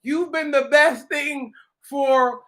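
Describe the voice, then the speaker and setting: A man ranting casually and profanely, mocking someone, often breaking into loud laughter and shouts while a little tipsy. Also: extremely high pitch, fairly even intonation, slow. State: tipsy from drinking. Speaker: commentator reacting to a commenter. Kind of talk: casual reaction rant.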